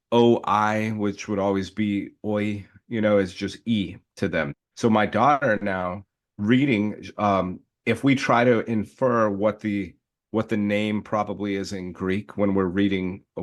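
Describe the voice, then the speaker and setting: A man co-hosting a relaxed discussion, thinking aloud with many restarts and short laughs as he explains his teaching. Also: fairly low pitch. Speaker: teacher and podcast co-host. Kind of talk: casual panel conversation.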